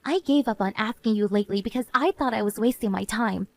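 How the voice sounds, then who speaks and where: In an animated bit of story narration, a woman speaks quickly at a fairly high pitch, in a voice close to everyday speech. She plays a worn-out young wife and mother pleading earnestly with her husband, and her tone finally goes flat and resigned.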